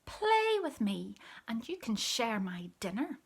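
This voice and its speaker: A woman voicing a playful tabby kitten in a storybook, coaxing and pleading in a drawn-out way. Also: fairly high pitch, very animated, vocal fry, breathy edge, heavily acted.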